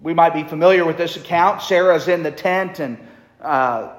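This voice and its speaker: A man's voice: on the high side, moderate pace. A man preaching a sermon in a conversational way, reading scripture aloud. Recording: echoey hall reverb.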